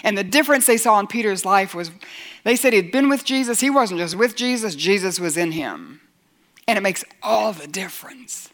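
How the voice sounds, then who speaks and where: A woman's voice: medium pitch, animated, normal speed, fairly bright tone. Woman preaching a bible sermon, earnest, keeps asking questions then gets emphatic. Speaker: Bible teacher.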